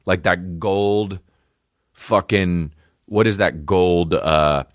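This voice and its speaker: A man in his thirties hosting a podcast from home, rambling in a casual, profane, animated way with lots of restarts. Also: low voice, extremely slow, no echo, studio quality. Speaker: podcast host. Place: at home, dogs nearby. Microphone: podcast microphone.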